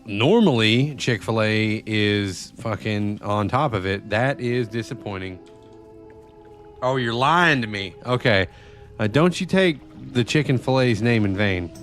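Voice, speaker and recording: Casual cursing streamer guy. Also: fairly low pitch. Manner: loose, profane, rambling talk to chat. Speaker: live streamer. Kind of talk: casual live-stream chat while gaming.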